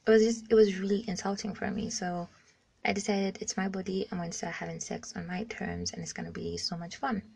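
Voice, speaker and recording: Brisk and lively in intonation, this young Zambian caller's medium-pitched voice sounds gravelly, husky and darkish. Recording a casual phone voice message in her twenties, she shares a blunt personal story, swearing freely and leaning on "like" as a filler.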